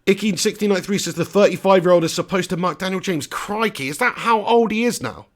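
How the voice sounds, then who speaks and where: A man hosting a live football watch-along, chatting with viewers and breaking into excited play-by-play. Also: sits high, fast. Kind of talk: live commentary and chat reading.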